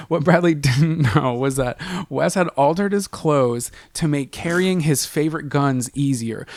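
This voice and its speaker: A man's voice: medium pitch, no echo. A man co-hosting a podcast, telling a story in a casual, profane, jokey way. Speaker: podcast co-host.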